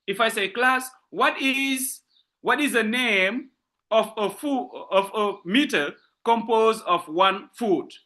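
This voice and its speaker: A man with a French-speaking West African accent giving an online literature lecture, repeating examples and stressing words slowly. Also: high voice, pushed and bright.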